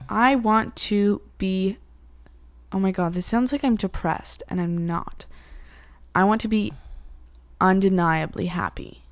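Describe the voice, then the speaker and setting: A woman's voice: mid-range voice, a little slow, long pauses, dry recording. A young woman co-hosting a casual chat with her mother, chatty and playful, with frequent "like" fillers. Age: young adult. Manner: chatty, uses 'like' a lot, playful. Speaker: co-host, daughter.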